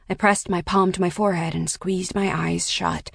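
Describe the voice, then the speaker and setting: Low, gravelly woman narrating an audiobook. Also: little pitch movement, no room sound, studio quality. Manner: measured, reflective storytelling. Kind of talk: scripted first-person audiobook narration.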